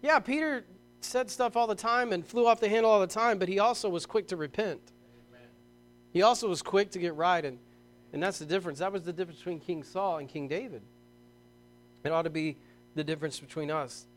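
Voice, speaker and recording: A middle-aged man preaching a sermon, telling stories with animated, emphatic bursts and reading scripture slowly. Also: high-pitched. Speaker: pastor.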